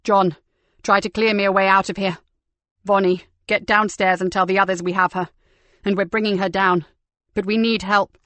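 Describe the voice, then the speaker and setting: A woman's voice: on the high side, moderate pace, pauses often, a little mellow, dry recording, close to an everyday voice. A woman narrator voicing a brave, exhausted male police detective in an audiobook, commanding and breathless. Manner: commanding, then weak and breathless.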